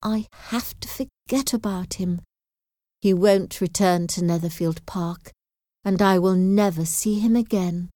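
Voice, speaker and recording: A woman's voice: mid-range voice, measured pace, mellow, no room sound, studio quality, lightly acted. A woman reading aloud voices a spirited young woman who speaks earnestly and firmly. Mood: sad. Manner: firm, earnest.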